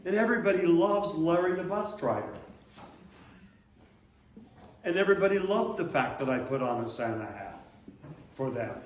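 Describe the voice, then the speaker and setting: Older man telling a story in a church hall. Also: fairly quick. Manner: animated storyteller, booming put-on Santa laughs. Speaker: abbot. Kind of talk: storytelling talk to a congregation. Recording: echoey hall, speaker far from mic, faint hiss.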